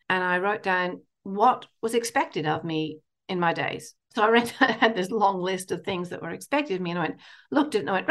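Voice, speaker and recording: A middle-aged woman, a counsellor and guest telling a personal story in an animated way, often laughing. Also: mid-range voice. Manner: animated, laughing storyteller, acting out inner voices. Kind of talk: storytelling interview chat.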